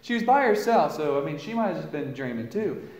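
A man preaching a dramatic first-person monologue, storytelling and swinging from hushed lows to loud exclamations, recorded in a church. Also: big pitch swings, a little fast. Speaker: pastor. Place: church sanctuary. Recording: roomy echo.

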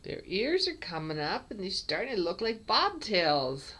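A woman's voice: medium pitch, very animated, measured pace, fairly bright tone. A woman cat breeder narrating a casual home video, cooing baby talk at kittens.

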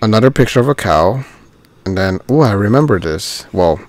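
A man's voice: on the low side, animated, moderate pace, darkish tone. A man giving casual commentary while playing a video game, thinking aloud and easily delighted by small things. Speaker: gaming channel host.

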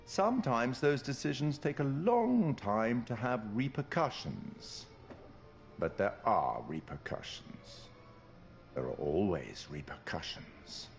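An actor playing a sinister male curator who narrates a game, speaking slowly and measuredly. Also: medium pitch, big pitch swings, gravelly, soft background music, heavily acted. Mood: knowing. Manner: slow, measured, knowing. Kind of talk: game cutscene dialogue.

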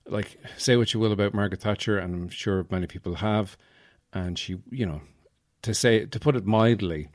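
A man's voice: low voice, a little mellow. A man hosting a solo podcast, chatting casually and rambling from thought to thought. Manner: rambling, meandering, many fillers and restarts. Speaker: podcast host.

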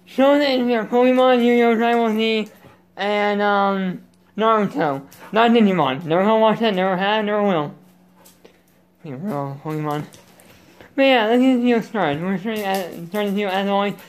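A man hosting his gaming channel with casual let's-play commentary, rambling and goofy, breaking off mid-thought. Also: high-pitched. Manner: rambling, self-interrupting, goofy.

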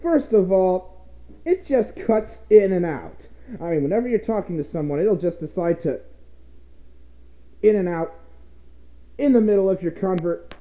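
Exasperated ranting vlogger, lively pitch. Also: normal speed, long pauses, narrow, tinny audio. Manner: exasperated, repetitive complaining. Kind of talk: comedic rant.

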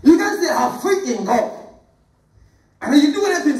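A man's voice: very high voice, expressive, brisk, pauses often, a little mellow. A middle-aged man preaching a sermon. He talks emphatically, repeating phrases and calling on the congregation to read verses aloud. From Ghana. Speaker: pastor. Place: church sanctuary. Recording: echoey church from a distant mic.

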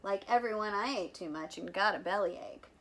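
A woman volunteer reading a picture book aloud for children in an animated, playful way, with chatty asides about the pictures. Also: medium pitch, normal speed. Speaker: volunteer reader.

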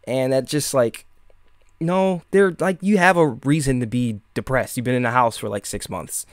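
Male streamer with a Michigan accent, sarcastic, rambling, mid pitch, crisp dry close-mic sound. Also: normal speed, no echo. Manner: rambling, sarcastic, many fillers and restarts. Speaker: podcast host. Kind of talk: casual live-stream monologue.

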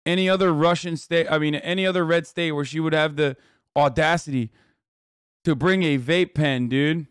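A man's voice: on the high side, fairly even intonation, normal speed, clear, resonant tone, no room sound, clean studio sound. A man ranting angrily and profanely at his chat during a livestream, reading news aloud between outbursts. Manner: angry, profane, reads news aloud then rants at chat. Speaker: streamer reacting to news. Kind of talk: heated livestream rant.

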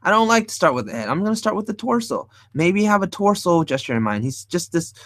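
A man's voice: high-pitched, very animated, fast, fairly bright tone, dry recording, studio quality. A man hosting a casual live drawing tutorial, rambling and thinking aloud as he sketches, adding playful sound effects. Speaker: art stream host.

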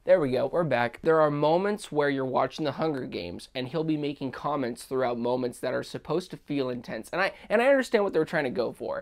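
A man's voice: medium pitch, vocal fry. A young man giving a casual, opinionated spoken film review, enthusiastic and often restarting his sentences. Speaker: movie reviewer.

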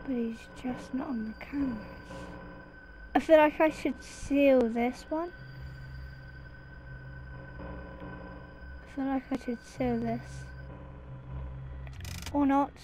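A woman giving let's play commentary on a horror game, panicky and excitable, jumping between anxious mutters and shrieks. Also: high-pitched, slow pace, long pauses, slight background noise. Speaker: gaming video creator.

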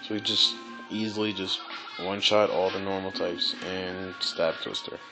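A man giving casual, excitable gameplay commentary, swearing, laughing and repeating phrases. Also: low voice, moderate pace, over music, low-quality recording.

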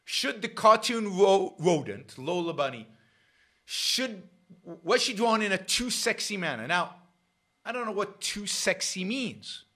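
Middle-aged guy ranting sarcastically, bright voice, swings up and down a lot. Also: high-pitched, measured pace. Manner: sarcastic, stumbling restarts, animated. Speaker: show host. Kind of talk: casual commentary monologue.

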